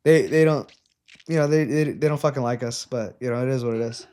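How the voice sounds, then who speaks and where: A young adult man, a wrestling coach, telling stories in casual podcast chat, animated and full of swearing. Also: mid-range voice, fairly quick. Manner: profane, animated storyteller.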